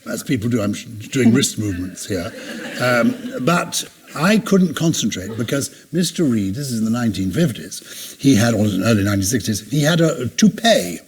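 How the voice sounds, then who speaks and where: An older man co-hosting a podcast, telling stories in an animated, theatrical way. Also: medium pitch, moderate pace. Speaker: podcast co-host. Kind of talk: casual chat.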